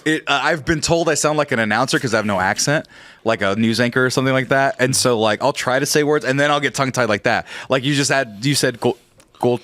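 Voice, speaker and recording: A man's voice: mid-range voice, quick pace, fairly bright tone, no echo. A tired man hosting a podcast, rambling, laughing and swearing in casual chat. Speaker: podcast host.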